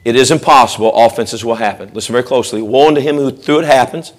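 A man preaching a sermon in church, animated, acting out quoted voices and joking with the congregation. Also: mid-range voice, fast. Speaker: pastor. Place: church sanctuary.

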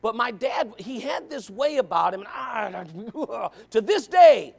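A man in his forties preaching a sermon in church, animated and questioning, swinging from loud to quiet. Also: very high-pitched, slow pace, creaky. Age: 40s.

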